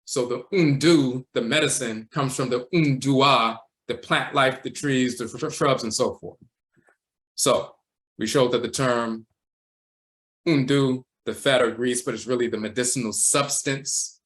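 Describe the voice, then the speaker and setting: A man teaching a livestream lecture, walking slowly through words and terms, repeating them and often tacking on "and so forth.". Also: medium pitch, fairly even intonation, fairly bright tone. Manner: measured, repeats terms and says "and so forth" a lot. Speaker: teacher of a spiritual tradition.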